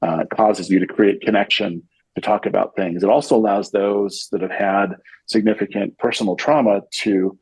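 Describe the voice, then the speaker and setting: A man's voice: lowish voice, fairly even intonation, moderate pace, darkish tone, husky, no room sound, low-quality recording. A man speaking as a podcast guest in casual conversation, rambling with frequent restarts and fillers.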